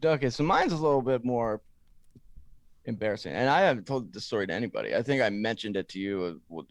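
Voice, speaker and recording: A man's voice: medium pitch, quick pace, dry recording, studio quality. A young man co-hosting a podcast, telling a long embarrassing story in casual, rambling chat with plenty of swearing. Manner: animated, swears freely, rambling anecdote. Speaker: podcast co-host.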